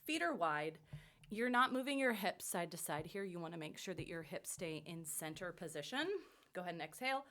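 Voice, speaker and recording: A middle-aged woman vocal coach leading a warm-up lesson with upbeat, encouraging instructions. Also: on the low side, expressive, a little fast.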